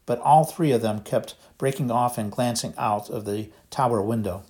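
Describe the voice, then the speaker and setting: A man narrating an audiobook in a steady, measured storytelling voice. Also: medium pitch. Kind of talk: scripted narration.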